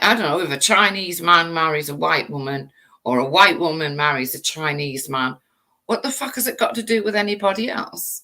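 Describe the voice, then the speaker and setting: A woman's voice: sits low, animated, brisk, vocal fry, sharp tone. An English woman hosting her channel, delivering an angry, swear-filled rant full of rhetorical questions. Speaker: channel host. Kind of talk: livestream rant.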